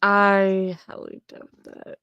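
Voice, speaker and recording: A woman's voice: mid-range voice, completely flat delivery, extremely slow, bright, forceful tone, clear, resonant tone, no room sound, muffled recording. A woman hosting a casual stream chat, swearing constantly and laughing often. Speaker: host.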